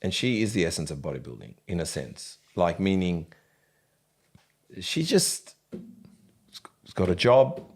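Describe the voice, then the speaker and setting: A man hosting a podcast, telling stories in a lively casual way and swearing freely. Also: low voice, unhurried, long pauses, breathy edge. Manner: animated storyteller, swears casually, laughs often. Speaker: podcast host.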